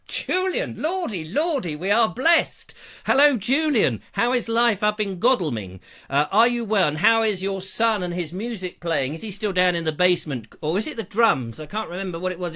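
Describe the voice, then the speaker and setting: A man's voice: on the high side, sharp tone. A man hosting a live online show, chatting in a playful, jokey, theatrical way. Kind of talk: casual live-stream chat.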